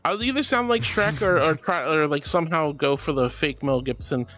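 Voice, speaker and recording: Man, livestream streamer, high voice, playful, giggly, affectionate, reads chat aloud. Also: normal speed, fairly bright tone, soft background music.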